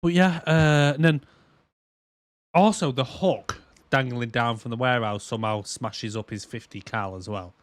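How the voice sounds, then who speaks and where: A podcast co-host with a mid-range voice chats casually and animatedly at normal speed, swearing and putting on silly acted voices. There's no echo.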